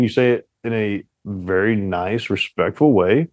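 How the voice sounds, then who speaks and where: A young man co-hosting a casual relationship chat with his partner, teasing and animated as he tells stories. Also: medium pitch, normal speed, few pauses, no echo. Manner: playful, teasing, animated storyteller. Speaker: podcast co-host.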